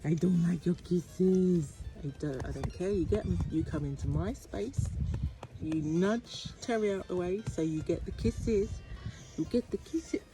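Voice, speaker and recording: A woman with her own voice pushed low, voicing a grumpy male rescue dog who grumbles indignantly that he doesn't want kisses. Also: unhurried, natural voice, low-quality recording. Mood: grumbling. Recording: music playing underneath.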